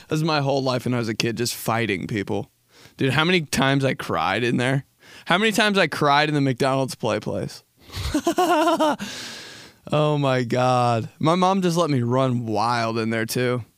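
A male podcast host spins rambling, crude comic stories and breaks into laughter often. His voice is lively, swinging freely up and down. The sound is dry and close to the mic. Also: medium pitch, a little slow, smooth, dry recording. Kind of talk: comedic storytelling chat.

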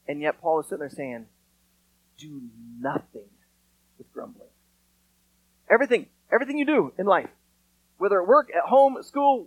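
A man preaching a sermon in a casual, conversational way, acting out quotes with lively storytelling. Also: high-pitched, no echo, poor audio. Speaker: pastor.

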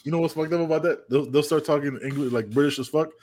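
A man's voice: fairly high pitch, quick pace, crowd noise. Rambling, profane American podcast guy. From United States. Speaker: podcast co-host. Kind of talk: casual sports chat.

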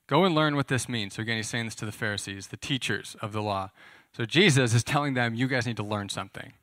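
A man's voice: lowish voice, steady tone, quick pace, fairly bright tone, no room sound, studio quality. A man preaching a casual, conversational sermon, explaining scripture and asking his listeners questions. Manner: conversational, asks the audience questions. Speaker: pastor. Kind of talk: sermon teaching.

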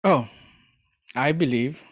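Slow, earnest man chatting. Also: medium pitch, slightly rough. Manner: earnest, enthusiastic storytelling; hesitant, searching for words. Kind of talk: casual chat.

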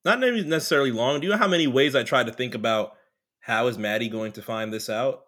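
A man co-hosting a casual TV recap podcast, talking animatedly and breaking into loud put-on character voices. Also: medium pitch, fast talker. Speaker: podcast co-host.

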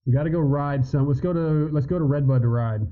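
A man chats as a podcast guest, loose, hesitant and casual with his swearing. His voice sits a touch high, and it comes through a narrow, phone-like line. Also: quick pace. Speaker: guest, motocross media personality. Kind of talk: casual chat.

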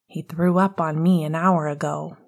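A woman's voice: sits low, steady tone, moderate pace, gravelly. Woman reading as a dry, sensible young mom.

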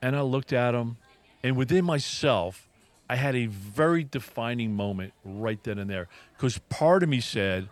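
A man's voice: medium pitch, expressive, moderate pace. A man co-hosting a talk show, telling a personal story in a casual, earnest way with frequent restarts and emphatic turns. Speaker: podcast co-host.

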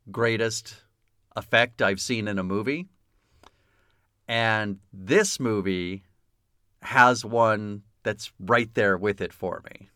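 A man hosts a casual movie podcast, talking at an unhurried pace in a bright, forward voice. He jokes with his co-host, laughs easily and keeps the chat loose. The sound is close and dry. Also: lowish voice, smooth, no echo.

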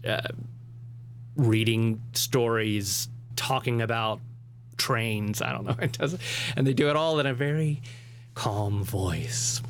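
A man co-hosts a podcast in loose, casual conversation, pressing his points with emphasis and laughing often. His voice sits at an ordinary middle pitch. A faint hum runs underneath the recording. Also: unhurried. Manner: emphatic, chatty, with frequent laughs. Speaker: podcast co-host.

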